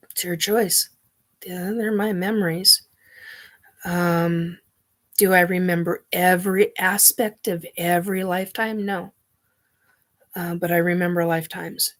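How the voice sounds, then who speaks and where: A woman hosting her own show, talking in a halting, earnest way as she searches for words. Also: fairly low pitch. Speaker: show host. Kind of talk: personal monologue.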